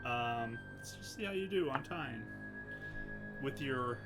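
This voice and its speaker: A man's voice: medium pitch, animated, slow. A man narrating a tabletop game as game master, with hesitant, filler-heavy delivery. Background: music.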